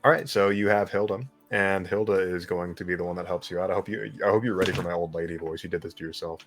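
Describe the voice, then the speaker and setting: Low-voiced joking male game master. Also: fairly even intonation, fast, soft background music. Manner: casual, joking, swears freely. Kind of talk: live-streamed tabletop game.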